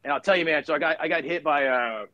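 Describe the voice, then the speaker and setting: A man's voice: a little high, quick pace, sharp tone, no room sound, dull audio. A middle-aged man, a retired Marine officer, telling a battle story in casual conversation, full of fillers and restarts.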